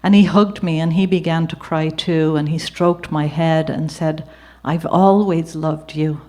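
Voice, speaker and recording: Speaking to a gallery audience, an Irish woman recounts her life story, partly reading from her memoir and partly talking off the cuff. Her low voice shows little pitch movement at a normal speed, sliding easily from read prose into warm conversational asides with occasional laughter.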